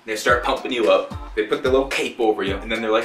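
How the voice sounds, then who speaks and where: Man ranting, swears a lot, exasperated, mid pitch, roomy echo, mic a bit far off, faint music under. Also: quick pace, fairly bright tone. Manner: profane, exasperated, acts out both sides. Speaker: gaming streamer and video maker. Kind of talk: comedic rant.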